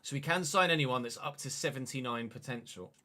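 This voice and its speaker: A man's voice: medium pitch, a little fast, bright, forceful tone. A young man streaming a football management game, chatting casually, swearing and answering his chat. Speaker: gaming livestreamer. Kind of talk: casual live game commentary.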